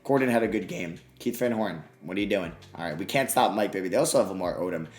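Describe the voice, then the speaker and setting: A young man commentating over his own video game, excitable, swinging between grumbling and yelling. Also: low voice, quick pace, echoey room. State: out of breath. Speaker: gaming YouTuber.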